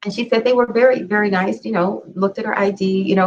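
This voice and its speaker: A woman's voice: mid-range voice, steady tone, quick pace, hardly any pauses. Earnest woman, slightly dull recording. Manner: earnest storytelling, emphatic repeats. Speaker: podcast co-host. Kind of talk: casual conversation.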